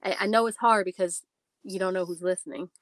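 A woman hosting an interview, asking calm, measured questions. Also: mid-range voice, no echo. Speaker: podcast host.

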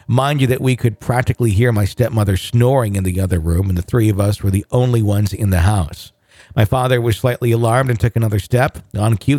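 A man reading a listener's ghost story aloud in a measured, steady way, then chatting about it as host. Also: medium pitch, no echo. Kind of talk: read-aloud narration and casual chat.

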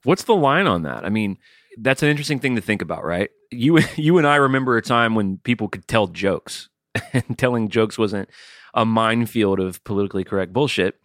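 Low-voiced candid man in casual chat. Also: expressive, a little fast, fairly bright tone, dry recording, studio quality. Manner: candid, reflective, plays along with jokes. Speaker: podcast co-host.

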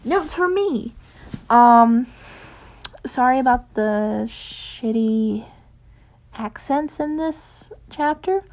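Softly reading woman. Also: fairly high pitch, expressive. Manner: soft, unhurried reading; chatty with many ums in the afterword. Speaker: fanfiction reader. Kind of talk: audiobook narration of fan fiction.

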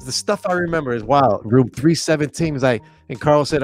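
A man's voice: fairly high pitch, a little fast, soft background music. A young man casually telling a story on a podcast, acting out the voices of the people in it and laughing often. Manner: animated, acts out quoted voices, laughs often. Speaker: podcast storyteller, former club DJ.

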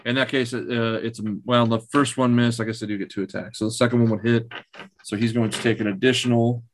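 A man narrating as game master at a tabletop session, relaxed and full of ums, laughing along with his players. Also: mid-range voice, fast talker, a little hiss or hum. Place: room around a gaming table.

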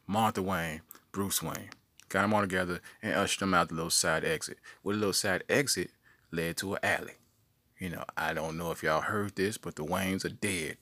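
Playful low-voiced man hosting a podcast. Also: fairly bright tone, dry recording. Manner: playful storyteller, slangy asides. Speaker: podcast host. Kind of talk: casual solo podcast monologue.

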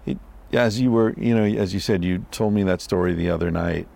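A man hosts a podcast interview, asking thoughtful questions in a calm, reflective way. His voice sits very low with a heavy gravelly fry. It also has a husky, rough texture. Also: fairly quick. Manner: calm, reflective, short encouraging replies. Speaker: podcast host. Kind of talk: conversational interview.

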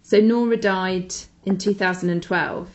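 A woman's voice: mid-range voice, steady tone, unhurried, darkish tone. A woman co-hosting a chatty podcast, talking with gushing enthusiasm about things she recommends. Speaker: podcast co-host. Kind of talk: casual chat with recommendations.

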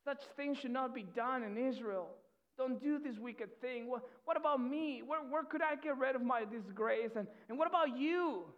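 A man's voice: very high voice, normal speed. A male preacher voicing a desperate young woman who begs him to stop, in a raised, strained pleading voice. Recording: dull lo-fi sound.

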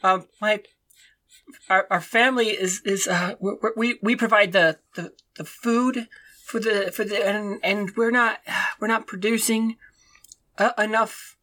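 A woman's voice: medium pitch, steady tone, bright, forceful tone. A woman doing a stammering timid peasant. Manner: stuttering, timid, halting. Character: stammering nervous peasant farmer.

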